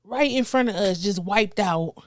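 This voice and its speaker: A woman, telling wild stories as a comedian guest, animated and profane, acting out the people she quotes. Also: medium pitch, normal speed, dry recording, studio quality. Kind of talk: casual storytelling chat.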